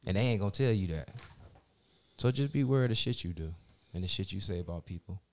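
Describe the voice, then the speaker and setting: A man's voice: low-pitched, fast talker. A man in casual chat, telling a story with a lot of swearing and acting out other people's lines. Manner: profane, animated storyteller acting out quotes.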